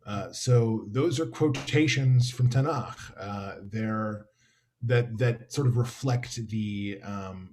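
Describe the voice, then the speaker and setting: A man's voice: lowish voice, darkish tone. A man author speaking conversationally over a video call, thoughtful and expansive with wry asides.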